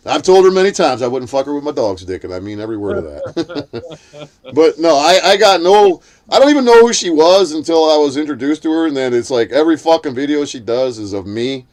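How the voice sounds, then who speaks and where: This man's darkish voice moves with lively intonation at a moderate pace. Chatting casually, he tells a heated story packed with cursing, mimicking others' words in a shrill tone.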